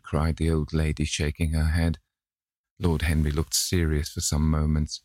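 A man narrating a classic novel as an audiobook, with measured, even storytelling. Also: extremely low pitch, dry recording.

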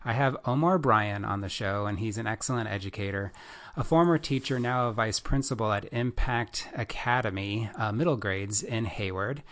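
Older guy hosting a podcast, low voice, upbeat and chatty. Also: moderate pace, a bit bright. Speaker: podcast host. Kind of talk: casual podcast intro.

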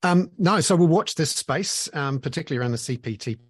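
A man's voice: a little high, expressive, brisk, breathy edge, no echo. Dry-sounding male podcast host. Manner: conversational, filler-heavy questions. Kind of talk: casual political chat.

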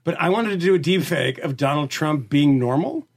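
A man's voice: on the high side, lively intonation, moderate pace. A man co-hosting a podcast in casual chat, joking and laughing as he talks. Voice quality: gravelly, husky. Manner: joking, laughs while talking. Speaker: podcast co-host.

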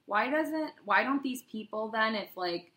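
Bright-voiced, blunt woman co-host. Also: a little high, expressive, a little slow. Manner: blunt, sarcastic. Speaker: podcast co-host. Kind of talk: casual political chat.

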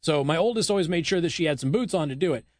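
A man's voice: a little high, animated, rapid-fire, no echo. A man hosting a talk radio show, chatting casually into a studio microphone with friendly asides and small laughs. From United States.

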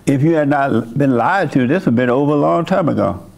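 A man's voice: mid-range voice, lively intonation, a little fast, creaky, a little mellow. An older man, hosting a church meeting and giving blunt, folksy spiritual advice to a member, chuckling now and then. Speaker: host and church leader. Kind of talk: counseling a congregation member.

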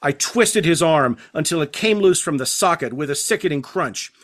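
A man's voice: on the high side, lively intonation, a bit bright. Man reading hard-edged crime fiction. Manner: measured, hard-edged first-person narration. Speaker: author. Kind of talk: reading aloud from his novel.

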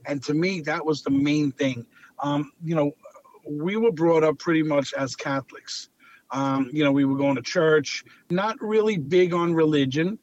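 A man, a clown telling lively stories as an interview guest and repeating phrases for emphasis. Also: a little high, moderate pace. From Long Island, New York. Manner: animated anecdotal storyteller, repeats phrases for emphasis. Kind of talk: casual storytelling interview. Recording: dull lo-fi audio.

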